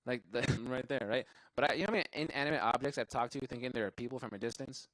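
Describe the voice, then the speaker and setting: A man's voice: mid-range voice, fast talker, a bit bright, no echo, low-quality recording. A young man doing a stand-up comedy set, rambling, cursing freely and laughing at his own jokes. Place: live show venue.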